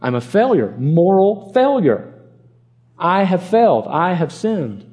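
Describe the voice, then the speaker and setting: Male pastor preaching, earnest and emphatic. Mellow tone, slightly high pitch. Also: very animated, slow pace. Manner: earnest, emphatic, repeats words for stress. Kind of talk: expository sermon.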